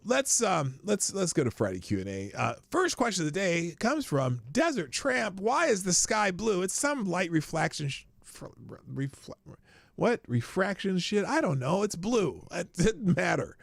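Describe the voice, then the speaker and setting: A man's voice: high voice, creaky, dry recording. A man hosting a casual livestream show, rambling, profane and flippant, tired and yawning as he talks.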